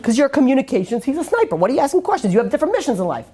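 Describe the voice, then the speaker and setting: Fast-talking rabbi, chatty man. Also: very high-pitched, sing-song, warm tone, slightly rough. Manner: chatty, acts out quotes, many fillers. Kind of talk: informal Torah class.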